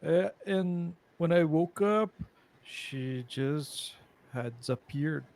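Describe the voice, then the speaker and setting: A man with a Brazilian Portuguese accent playing a tabletop game, speaking haltingly as he searches for English words. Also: a little high, gravelly, a little mellow. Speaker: player.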